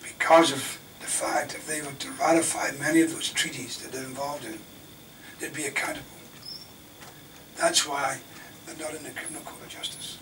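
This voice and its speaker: Older lawyer lecturing with indignant rhetoric, raised pitch, taped from the back of a hall. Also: male voice, steady tone, normal speed. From Scotland. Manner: rhetorical, indignant, swings between loud emphasis and near-whispers. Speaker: defence lawyer giving a lecture. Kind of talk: impassioned public lecture. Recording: distant mic in a lecture hall, faint room noise.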